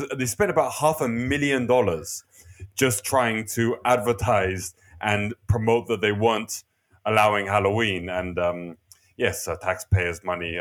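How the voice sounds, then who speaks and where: A man co-hosting a podcast in relaxed, casual chat, with a dry, wry sense of humor. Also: on the low side. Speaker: podcast co-host.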